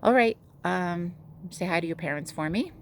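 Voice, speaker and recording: A woman teacher reading a children's novel aloud to her class in a steady, gentle way. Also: lowish voice, moderate pace, slight background noise.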